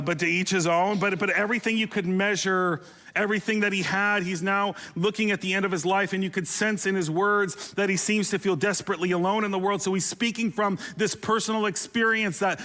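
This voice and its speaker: A man's voice: sits high, sharp tone. A man preaching a sermon as pastor, conversational and humorous, with playful asides and rising intensity on emotional appeals.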